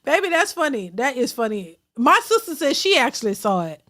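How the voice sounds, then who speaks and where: Brief: high-voiced woman livestream host, blunt, slangy, laughs a lot. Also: sing-song, fairly quick, fairly bright tone. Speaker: livestream host reading super chats. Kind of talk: casual livestream commentary.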